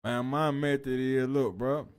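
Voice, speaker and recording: A man giving casual reaction commentary in a slow, drawling way, full of street slang and frequent "man". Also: medium pitch, steady tone, clean tone.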